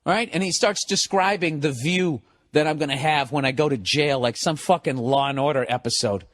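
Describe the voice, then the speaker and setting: A man, a comedian, telling a story in a loud, profane, animated way and laughing as he goes. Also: mid-range voice, moderate pace, no room sound, studio quality. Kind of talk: casual comic storytelling.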